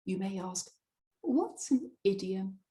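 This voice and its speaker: A British woman giving a webinar as a presentation skills coach, speaking deliberately with emphatic pauses and stressed words. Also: mid-range voice, expressive, mellow, low-quality recording. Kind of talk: webinar talk.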